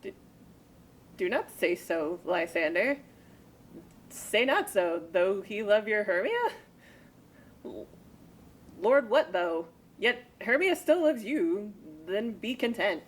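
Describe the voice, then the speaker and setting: A woman's voice: medium pitch, animated, slow pace, pauses often. A woman playing an insecure, self-pitying young woman in love, emotive and exasperated, in an amateur Shakespeare reading.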